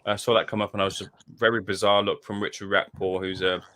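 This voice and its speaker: A man guesting on a casual podcast, telling a story with energy. His voice sits low but rings bright and forward. He acts out the people he quotes and laughs often. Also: level tone, fast talker, a little hiss or hum.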